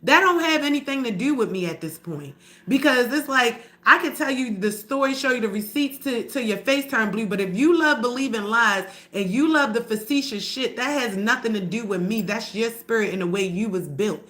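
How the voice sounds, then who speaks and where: A woman's voice: fairly high pitch, normal speed, fairly bright tone. Blunt, profane woman live-streaming her story. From Baltimore area. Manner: blunt, profane, addressing viewers as y'all; heated and confrontational.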